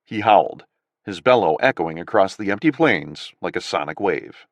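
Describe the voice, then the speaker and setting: A man narrating an audiobook in an expressive, varied storytelling manner. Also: low voice, moderate pace, no echo. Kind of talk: scripted narration.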